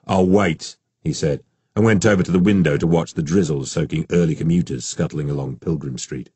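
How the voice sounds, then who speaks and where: Man narrating an audiobook, deep husky voice, steady pace, dry close mic. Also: no echo. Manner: measured, steady storytelling.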